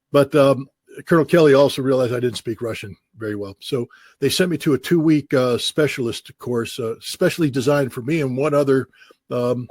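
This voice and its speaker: Gravelly-free husky man telling war stories. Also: mid-range voice, no room sound. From United States. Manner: animated anecdotes with quoted voices and chuckles. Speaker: guest. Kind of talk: storytelling in an interview.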